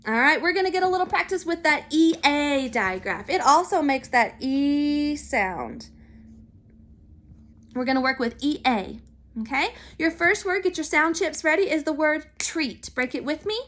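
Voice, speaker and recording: A woman teaching a phonics lesson to young children, sounding out letters and syllables slowly and clearly. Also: high voice, expressive, a bit bright. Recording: recorded for remote learning.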